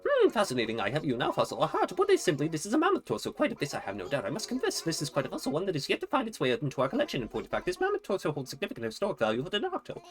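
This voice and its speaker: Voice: medium pitch, huge pitch swings, rapid-fire, few pauses, pitched above the performer's own voice. A gamer voicing a fussy, chatty male owl museum curator who exclaims over fossils in a prim, old-fashioned way. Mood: delighted. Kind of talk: reading game dialogue aloud in a voice.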